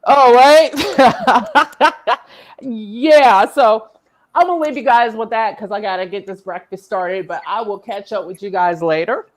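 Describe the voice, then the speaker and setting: An American woman telling a funny story in a casual livestream chat, animated and laughing often. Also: fairly high pitch, unhurried. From United States. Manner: animated, laughs often, mimics herself in quotes.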